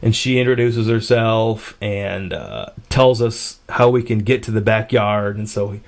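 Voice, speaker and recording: A man hosting a podcast tells a story casually, swearing freely and rambling with "uh" fillers and restarts. His voice is on the low side, with vocal fry and a slightly slow pace.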